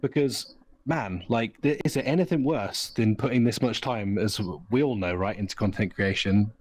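A man hosting a podcast, chatting casually and enthusiastically in long excited runs. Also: lowish voice, moderate pace, no room sound. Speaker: podcast host. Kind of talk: casual chat.

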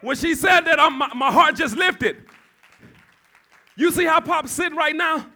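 High, bright-voiced preaching man. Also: a little slow, some chatter behind. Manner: preaching with call-and-response to the congregation, rising to shouts. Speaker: pastor. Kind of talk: sermon.

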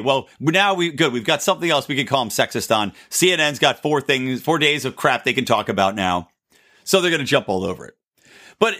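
A man hosting his own podcast, talking through his opinions in a sarcastic, animated solo monologue and laughing at his own jokes. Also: on the high side. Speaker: podcast host.

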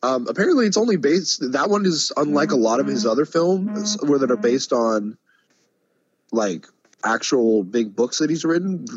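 A man co-hosting a casual chat show, laughing often and reacting with lively energy. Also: medium pitch, normal speed, lo-fi sound, slight background noise. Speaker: podcast co-host.

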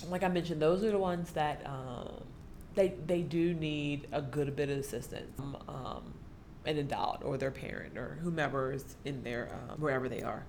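A woman's voice: low voice, moderate pace, darkish tone, a little hiss or hum. A woman, a special education teacher speaking as a podcast guest, talking animatedly and laughing often. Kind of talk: conversational podcast interview.

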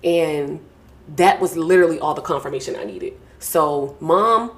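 Speaking at normal speed in a deep voice, a young adult podcast host warmly thanks those close to her, repeating her thank-yous in effusive, slangy, casual talk. She records in a small home studio on a podcast mic with a mixing board.

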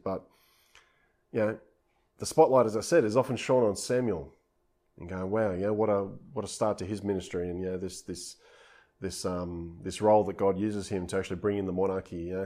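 Relaxed, low-voiced male preacher. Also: fairly quick. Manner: informal, retells scripture in everyday speech. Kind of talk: conversational sermon.

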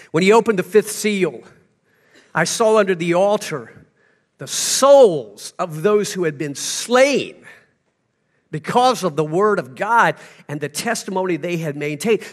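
A man preaching a sermon to his congregation. He tells a story and then swings from hushed, slow passages to loud, emphatic ones. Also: high voice. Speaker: pastor.

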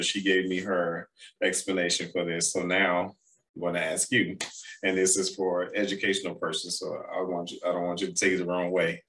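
A man's voice: low-pitched, a bit bright, rough recording. A middle-aged man hosting a casual conversation, laughing often and telling playful stories. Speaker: podcast host.

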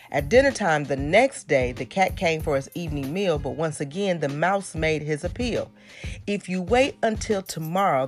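Woman, very low voice, minister hosting a faith podcast, storytelling sermon style, faint music behind. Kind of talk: devotional podcast talk with storytelling.

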